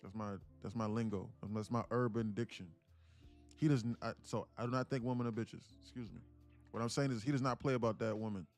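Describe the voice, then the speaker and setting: A man's voice: on the low side, fairly even intonation, fairly quick, darkish tone, faint music behind. A man with a New York accent hosting a day-trading livestream, talking casually in loose, profane street slang and repeating phrases in chant-like runs. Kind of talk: casual live-stream commentary.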